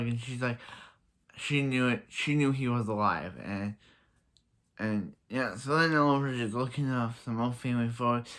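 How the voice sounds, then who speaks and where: A man talking through a show's plot in a loose, rambling way, full of "like" and "so yeah" and quick restarts. His voice sits at an ordinary middle pitch, neither high nor low. The delivery is casual, as if chatting to viewers. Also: bright, forceful tone. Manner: rambling, many fillers and restarts; laughs at own jokes. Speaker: show reviewer. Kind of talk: casual recap and review.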